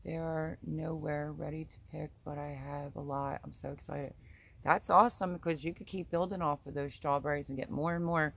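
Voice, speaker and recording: Middle-aged woman, homestead livestream host, chatty and rambling, quick to laugh. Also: low-pitched, fairly even intonation, creaky. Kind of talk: live stream chat, reading viewer comments.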